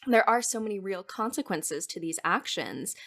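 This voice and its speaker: A young woman hosting a podcast in casual conversation, enthusiastic and affirming, her voice going a little hoarse. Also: mid-range voice, lively intonation, moderate pace, a bit bright. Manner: enthusiastic, affirming, frequent agreement. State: losing her voice. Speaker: podcast host.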